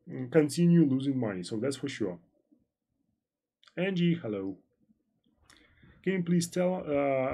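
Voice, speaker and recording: A man with a Russian accent, a native Russian speaker, giving a live-stream trading lesson, reading out and answering chat questions in a halting, repetitive way with many fillers. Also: fairly high pitch, a little mellow, slightly rough. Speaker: trading instructor.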